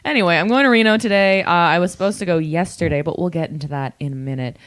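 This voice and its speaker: Giggly woman with a low morning voice. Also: fast, no room sound. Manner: giggly, rambling with many fillers. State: morning voice, lower than usual. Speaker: podcast co-host. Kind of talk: casual chat.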